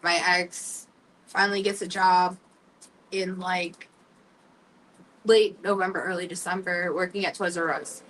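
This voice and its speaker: A young woman hosting a talk show, telling her own story candidly and emotionally, halting often with fillers. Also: fairly low pitch, steady tone, a bit bright, far from the mic, low-quality recording. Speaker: podcast host. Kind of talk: personal storytelling.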